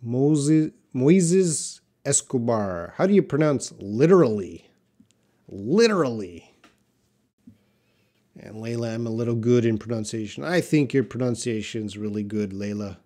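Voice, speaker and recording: A middle-aged man hosting a live English lesson, reading chat comments aloud and modelling words slowly. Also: mid-range voice, dark tone.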